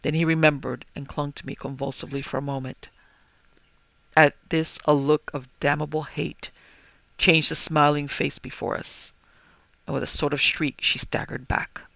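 A man narrating a gothic horror story in a measured, grave manner. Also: fairly high pitch, flat delivery, creaky, dry recording. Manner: measured, grave, rising to forceful cries. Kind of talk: dramatic gothic story reading.

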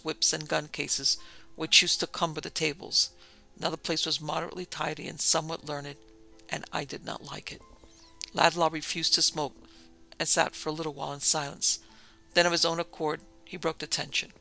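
A man narrating a classic story as an audiobook, measured and even. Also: fairly high pitch, creaky, poor audio.

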